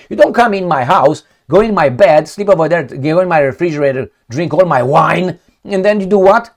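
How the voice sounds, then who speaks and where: Sarcastic man ranting in a lively voice. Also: fairly high pitch. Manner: sarcastic, indignant, rhetorical questions. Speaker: political commentary host. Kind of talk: heated political commentary.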